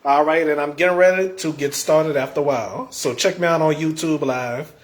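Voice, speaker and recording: Home livestream host: man, stammering and repetitive, a slightly high voice, in an echoey room. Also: a little fast. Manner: stammering, repeats words, chuckles often. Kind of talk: casual livestream chat.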